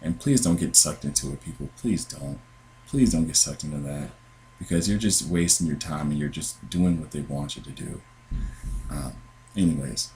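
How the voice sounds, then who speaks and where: A Christian podcaster with a bass, slightly mellow voice tells his dreams in a casual, earnest testimony full of fillers, restarts, and meandering. He records on a computer with headphones, and the quality is low.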